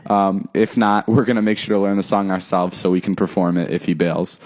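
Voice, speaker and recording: A man's voice: low-pitched, flat delivery, brisk, a little mellow. A young man co-hosting a podcast, telling a story in a casual, teasing and joking way. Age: young adult. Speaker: podcast co-host.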